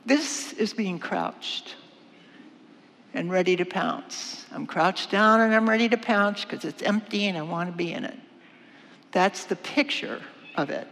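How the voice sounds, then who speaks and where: An older woman giving a church talk, teaching and acting out scenes in a lively, dramatizing way. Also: medium pitch, measured pace. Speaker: church speaker. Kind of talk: teaching talk with acted-out skit. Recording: long reverb of a large hall.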